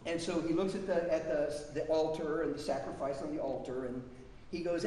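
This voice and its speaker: A male preacher telling a story in a sermon, animated and repeating words as he acts out the quotes, recorded from a distance in an echoey hall. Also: on the high side, a little fast. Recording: echoey hall, distant mic, faint noise.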